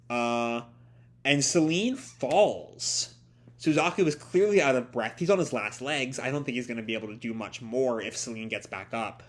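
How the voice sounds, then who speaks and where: A young man with a stuffy nose and a bright-ish, mid-range voice reads through a manga chapter in a live reaction. He sounds tired and rambles, filling his talk with ums and self-corrections.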